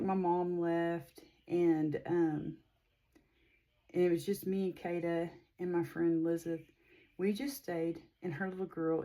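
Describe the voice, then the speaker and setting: A woman's voice: lowish voice, warm tone, low-quality recording. A middle-aged woman, a tarot reader talking casually to viewers in a rambling way, with many fillers. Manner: chatty, rambling, with frequent fillers. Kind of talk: casual spiritual reading to viewers.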